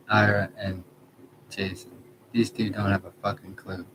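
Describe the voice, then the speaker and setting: A man in his thirties from Canada, talking in a halting, rambling personal monologue, trailing off and correcting himself. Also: on the low side, level tone, darkish tone, rough recording. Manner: halting, trails off, many restarts and self-corrections. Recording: background noise.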